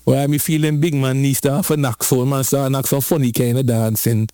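A man preaching a lively sermon, switching into patois and drawing out lines slowly for emphasis. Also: mid-range voice, dry recording. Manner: animated, rhythmic preaching in patois-flavored speech.

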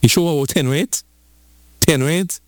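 A male preacher delivers his sermon at an unhurried pace, in a voice pitched on the higher side. He spins the scripture into playful storytelling, repeating phrases and calling out to his listeners. The sound is close and dry, with no room echo. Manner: playful storytelling with repetition and call-and-response.

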